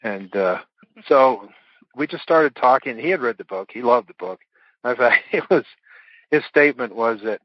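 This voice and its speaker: A man's voice: medium pitch, lively intonation, moderate pace, no echo. A middle-aged man, an author guest in a casual interview, rambling through stories with fillers and chuckles. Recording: dull dry lo-fi audio.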